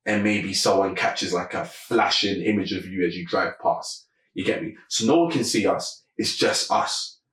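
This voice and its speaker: A man's voice: deep voice, moderate pace, a bit bright, recorded from a distance. A man hosting a music reaction video, thinking aloud in casual commentary with lots of fillers. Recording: echoey room, away from the mic.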